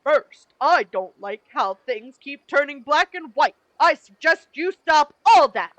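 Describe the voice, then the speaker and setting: Woman doing a loud, pompous game hunter, bright and forceful. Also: high voice, expressive, a little slow, no room sound, voice pushed up, poor audio. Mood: boastful. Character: boastful vain male hunter, loud and pompous. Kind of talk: reading game dialogue aloud.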